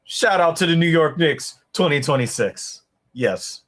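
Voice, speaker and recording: Podcast host guy rambling on, swears a lot, keeps restarting, voice a bit on the high side. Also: lively intonation, measured pace, fairly bright tone. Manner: rambling, profane, frequent restarts. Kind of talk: casual livestream chat.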